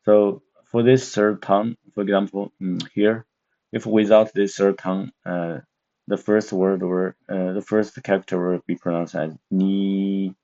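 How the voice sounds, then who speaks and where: Slow, low-voiced man teaching a lesson. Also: flat delivery, warm tone. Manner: slow, careful, with many fillers and pauses. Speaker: Mandarin teacher. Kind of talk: explaining a language lesson. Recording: dull, muffled lo-fi recording.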